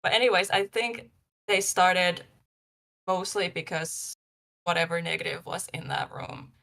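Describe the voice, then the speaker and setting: Young woman guest, low gravelly voice, loose rambling delivery. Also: unhurried, fairly bright tone. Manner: rambling, many likes and ums. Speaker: paranormal investigator guest. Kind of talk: casual live-show interview.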